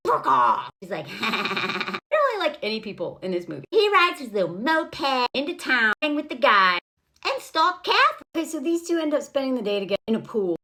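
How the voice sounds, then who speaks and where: A high-voiced woman tears through a film recap with blunt sarcasm. Her pitch swoops widely, and she laughs often and swears freely. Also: sharp tone. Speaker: vlogger, film commentator.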